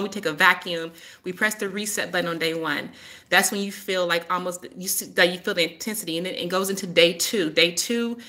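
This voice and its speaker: A woman talking straight to her viewers in a casual live stream, emphatic and insistent, circling back to the same point. Her voice sits a little low but comes across bright and forceful. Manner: emphatic, repeats her warnings. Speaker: healer hosting a live stream.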